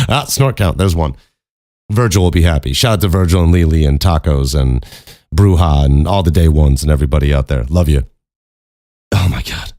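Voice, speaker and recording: Male podcast host, deep voice, dry booth sound, loose swearing ramble. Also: a little mellow, no echo. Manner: candid, profane, rambling with frequent restarts. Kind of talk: casual solo podcast talk.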